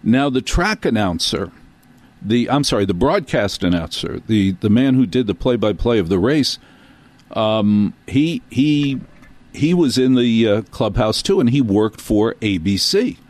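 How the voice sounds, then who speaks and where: A talk show host from New Jersey with a fairly low voice, telling a long story in a loose, rambling way. He breaks off for self-deprecating asides and comic tangents. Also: expressive, measured pace, darkish tone, no room sound. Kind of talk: storytelling monologue.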